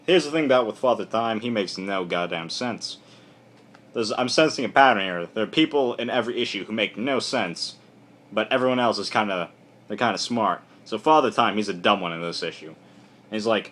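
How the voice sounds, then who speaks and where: A young man, a comic book reviewer, gives a casual spoken review that rambles along with frequent fillers and restarts. His voice is lowish, a little fast and a bit bright. His manner is loose and offhand, full of "like" and false starts.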